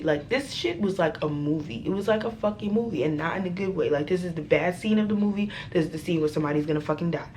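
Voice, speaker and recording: Brief: young woman vlogger, low-ish voice, vivid cursing storyteller, faint room hiss. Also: quick pace, few pauses. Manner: animated, profane, dramatic retelling. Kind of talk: storytime vlog.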